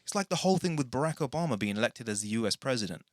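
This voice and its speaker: A man's voice: mid-range voice, lively intonation, very fast, no room sound, studio quality. A man hosting a casual podcast, rambling through tangents and correcting himself as he goes. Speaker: podcast host.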